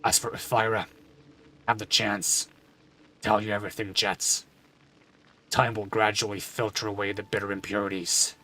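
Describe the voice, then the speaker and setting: A man's voice: on the low side, bright, forceful tone. A man voicing a brooding grave desert father. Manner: slow, solemn, heavy.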